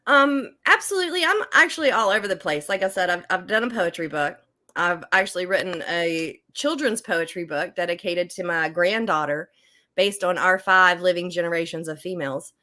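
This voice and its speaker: An older woman, an author, guests on a podcast in a fairly low, bright, forceful voice with lively intonation at normal speed. She's chatty, laughs often, and uses many fillers and restarts.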